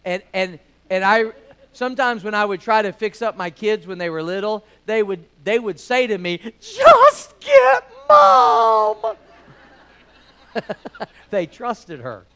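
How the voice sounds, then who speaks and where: A middle-aged man, preaching a sermon in a folksy storytelling manner that swings between loud emphasis and quiet asides. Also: sits high, clean tone, low-quality recording. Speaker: pastor.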